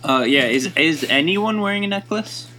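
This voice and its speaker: A player in a tabletop game who asks curious, deliberate questions. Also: medium pitch, expressive, pushed and bright. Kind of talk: casual tabletop play.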